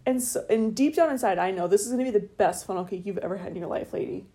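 A middle-aged woman co-hosting a podcast, chatting casually and telling stories with lively acted-out voices. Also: mid-range voice, fast. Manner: animated storytelling, acts out voices. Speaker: podcast co-host. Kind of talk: casual chat.

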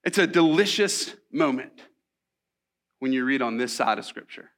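A man preaching a sermon in a church, animated and conversational, with casual asides to the congregation. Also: mid-range voice, normal speed. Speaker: pastor.

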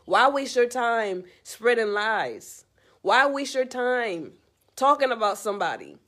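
A woman's voice: fairly high pitch, lively intonation, a little slow, fairly bright tone. A woman speaks in a loose, heartfelt monologue, offering life advice. She is earnest and a little preachy, circling back to the same phrases to drive her points home. Her tone is casual and direct, as if talking to a friend. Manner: earnest, repetitive, preachy, talks straight to the listener. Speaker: vlogger giving life advice.

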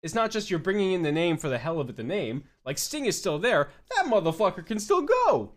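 A young man rants on his podcast in a high, lively voice that leaps up and down as he argues. He is blunt and swears freely, firing off short punchy points. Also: brisk. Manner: blunt and profane, mocking fans in quoted voices. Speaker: podcast host. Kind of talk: opinionated podcast rant.

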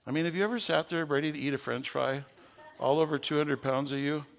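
Gravelly older male pastor preaching. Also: a little high, fast talker, long reverb tail. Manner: folksy storytelling, rising to fervent preaching. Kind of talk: sermon.

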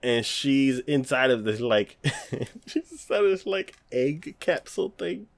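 A man co-hosting a casual chat, retelling an episode with frequent laughter and quick acted-out lines. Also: mid-range voice. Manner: animated retelling, laughs often, acts out scenes in quick voices. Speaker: podcast co-host reviewing anime.

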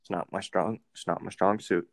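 Young male co-host, very low gravelly voice, deadpan quips. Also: moderate pace, no room sound. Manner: laid-back, deadpan one-liners. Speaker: podcast co-host. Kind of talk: casual chat.

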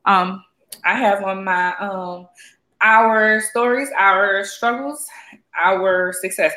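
A woman's voice: mid-range voice, slow pace, pushed and bright. A woman co-hosting a podcast in casual chat, rambling with fillers and sounding tired. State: tired, yawning. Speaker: podcast co-host.

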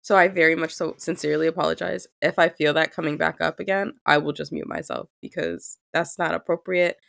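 Hoarse young woman with gravelly fry. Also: deep voice, steady tone, a little fast, a bit bright, no room sound. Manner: profane, joking, laughs often. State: hoarse from a cold. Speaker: podcast co-host. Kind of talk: casual podcast chat.

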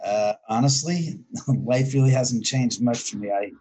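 A man's voice: medium pitch, measured pace, slightly rough, poor audio. A man, a guest in a casual interview, telling rambling ghost stories about his house and correcting himself as he goes. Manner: rambling, self-correcting, animated when retelling. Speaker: guest, haunted house owner.

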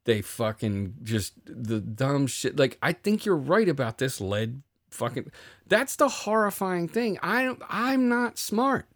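A man's voice: a little high, very animated, slow pace, a bit bright, no room sound, clean studio sound. Ranting, profane podcast co-host man. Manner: ranting, sarcastic, swears a lot. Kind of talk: profane casual chat.

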